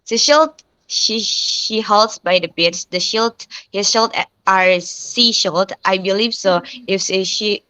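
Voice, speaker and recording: A woman's voice: mid-range voice, slow, hardly any pauses, pushed and bright, clear, resonant tone, no room sound, low-quality recording. A woman, a student presenter carefully reading numbered example sentences, stumbling now and then.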